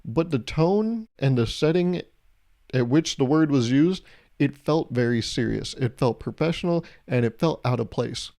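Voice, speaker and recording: A man's voice: medium pitch, animated, measured pace, gravelly, mellow. A man hosting a solo podcast, talking in a sarcastic, joking way full of rhetorical questions and playful mock advice. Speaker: podcast host. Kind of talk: solo comedic podcast monologue.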